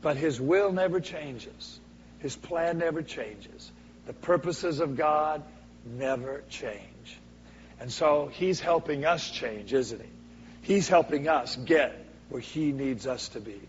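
Guy preaching, slightly high voice, takes his time, goes loud then quiet, echoey church. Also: takes it slowly, slight background noise. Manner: dramatic swings from booming to hushed. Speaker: guest preacher. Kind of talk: sermon. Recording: echoey hall, dull lo-fi sound.

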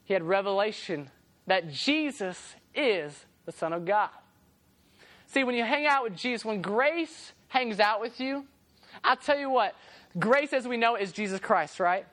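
A woman preacher delivering a sermon in animated storytelling style, acting out characters with humor. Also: fairly high pitch.

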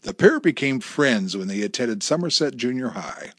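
A man reads a story aloud at a steady, descriptive pace, with his mid-range voice moving lively through each sentence. The recording is close and dry. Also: medium pitch, moderate pace, no room sound. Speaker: narrator. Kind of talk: storytelling narration.

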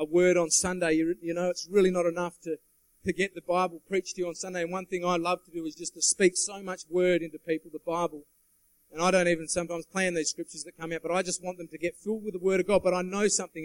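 An earnest man preaching to a church congregation, his voice sitting high for a man. He drives his points home with emphasis and calls out for the listeners' agreement. The sound is dry and close, with little room echo. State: sweating. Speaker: guest preacher. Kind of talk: sermon.

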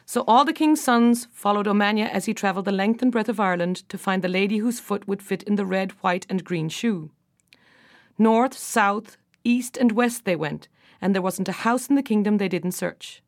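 Woman reading a fairy tale aloud, unhurried storybook voice. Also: mid-range voice. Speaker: narrator. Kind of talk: storybook narration.

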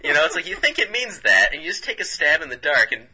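A man's voice: fairly high pitch, sing-song, fast, dull audio, crowd noise. A man co-hosting a comedy podcast, rambling in casual banter with frequent laughs and restarts. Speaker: podcast co-host.

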